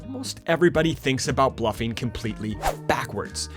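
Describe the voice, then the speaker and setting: Lively-voiced male poker coach. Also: medium pitch, brisk, music in the background. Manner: energetic, emphatic, explains hand ranges step by step. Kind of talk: scripted poker strategy lesson.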